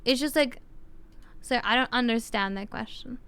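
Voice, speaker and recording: A woman's voice: on the high side, normal speed, fairly bright tone, clean tone, dry recording. A woman streamer chatting casually on a livestream, thinking aloud and rambling with lots of fillers.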